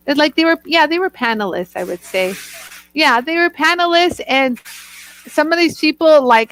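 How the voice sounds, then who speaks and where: A woman's voice: a little high, a bit bright, dry recording. Bubbly woman hosting a live stream. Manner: bubbly, gushing, greets viewers by name. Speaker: host and product inventor.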